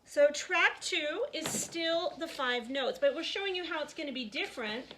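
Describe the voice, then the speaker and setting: High-voiced woman teaching singing at the piano. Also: animated, normal speed, slight background noise. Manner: talks, then sings vocal warm-up syllables over piano.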